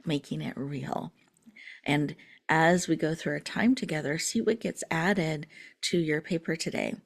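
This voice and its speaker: A woman hosting an online summit, guiding a breathing meditation in a soothing, slow manner that often drops to a near-whisper. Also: low-pitched. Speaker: summit host.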